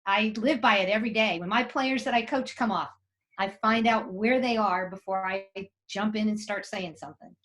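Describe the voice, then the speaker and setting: A woman's voice: medium pitch, moderate pace, fairly bright tone, rough recording. A middle-aged woman, a tennis coach and parent, giving plainspoken advice in casual interview talk.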